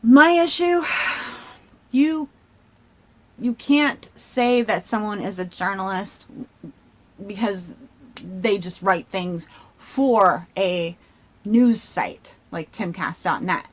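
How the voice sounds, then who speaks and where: A woman vlogger talking to her laptop camera in a rambling, self-mocking way, thinking out loud and jumping between tangents. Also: mid-range voice, lively intonation, takes it slowly, pauses often. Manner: chatty and self-mocking, laughs between phrases. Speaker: vlogger and channel host. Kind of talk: casual talking-to-camera commentary.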